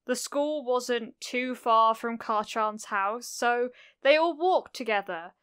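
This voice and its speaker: A woman narrating a cozy fan fiction audiobook in a gentle, unhurried storytelling manner. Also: fairly high pitch, smooth, no room sound, clean studio sound.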